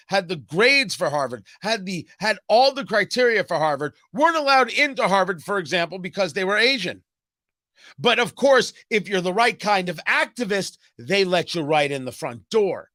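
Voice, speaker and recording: A man's voice: sits high, bright, forceful tone, dry recording, studio quality. A man hosting a political commentary show, talking in a sarcastic, emphatic way. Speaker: host.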